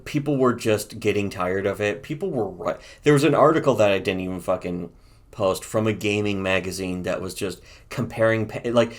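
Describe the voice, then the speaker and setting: Guy w a lowish voice rambling about old webcomics, swears a lot, keeps cracking up. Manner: rambling, profane, laughs while reading comic lines. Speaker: co-host. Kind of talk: casual comedic commentary.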